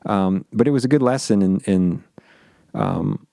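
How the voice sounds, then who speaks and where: Male interview guest from Austin, deep and warm-toned, dry close sound, thoughtful and stop-start delivery. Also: wildly swooping pitch, vocal fry, no room sound. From Austin, Texas. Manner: reflective, halting, repeats words as he thinks. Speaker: guest musician. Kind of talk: casual interview conversation.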